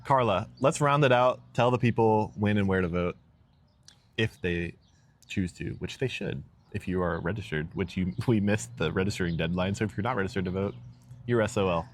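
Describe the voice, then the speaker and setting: Deep-voiced man chatting with a laugh. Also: normal speed. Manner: laughs often, rambling and searching for words. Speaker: podcast host. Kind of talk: casual interview chat. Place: outdoors in a park. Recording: faint outdoor background noise.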